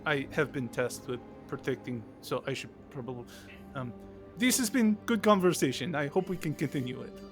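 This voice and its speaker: A man's voice: medium pitch, lively intonation, normal speed, faint music behind, lightly acted. A man voicing an earnest adventurer who speaks formally and gropes for his words. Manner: hesitant, groping for words.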